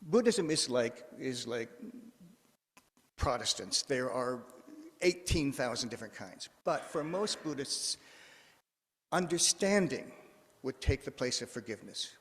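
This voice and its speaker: A man's voice: mid-range voice, expressive, measured pace, pauses often, fairly bright tone. A man giving a sermon in a church, telling a story in a casual, conversational way with frequent restarts. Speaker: preacher. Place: church sanctuary. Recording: long echo of a church hall.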